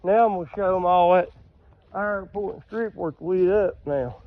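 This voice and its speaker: A man's voice: sits high, moderate pace, no echo, narrow, tinny audio. A man telling rambling, folksy stories to camera outdoors, laughing at his own jokes. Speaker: outdoorsman showing hunting land. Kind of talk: casual storytelling to camera. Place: outdoors on a ridge trail.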